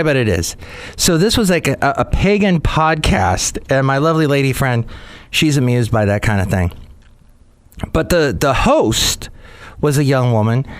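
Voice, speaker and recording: A man's voice: mid-range voice, clear, resonant tone. A man hosting a comedy podcast in a casual, rambling monologue full of restarts. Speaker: podcast host.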